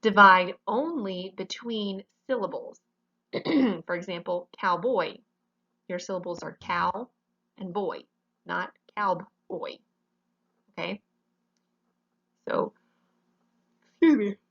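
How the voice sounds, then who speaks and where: A woman's voice: mid-range voice, slow pace, long pauses, a bit bright, highs cut off. A woman teaching a grammar lesson in a classroom, explaining each rule step by step and often checking with "okay?".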